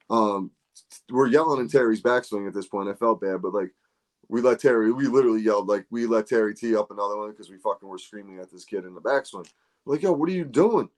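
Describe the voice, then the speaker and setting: A man with a lowish voice tells golf stories on a casual podcast. He talks with animated energy and swears freely, acting out what other people said. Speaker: podcast host. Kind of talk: casual chat.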